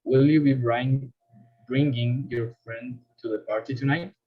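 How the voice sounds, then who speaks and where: A man student reading an English example aloud carefully and haltingly on a call. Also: medium pitch, fairly even intonation. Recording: dull lo-fi call audio.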